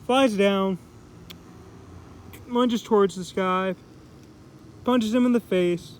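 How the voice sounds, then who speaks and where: A man's voice: sits high, takes it slowly, a little hiss or hum, rough recording. A man giving a casual spoken comic book review, rambling with lots of fillers as he loosely paraphrases the characters.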